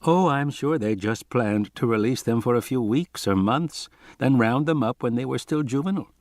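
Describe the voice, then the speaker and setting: A man reading an audiobook, voicing a calm male mathematician who explains in a quiet, measured way. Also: medium pitch, no echo, clean studio sound, natural voice.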